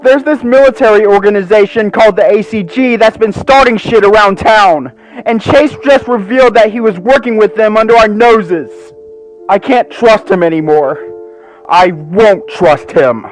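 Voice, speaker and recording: A man's voice: on the high side, a little slow, faint music behind, voice pushed up, lightly acted. A man voicing a young male Labrador pup who sounds drained, grim and vengeful.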